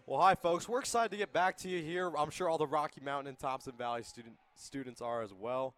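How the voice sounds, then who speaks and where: Young man giving relaxed color commentary. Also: medium pitch, fast talker. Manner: relaxed, chatty color remarks. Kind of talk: radio sports commentary.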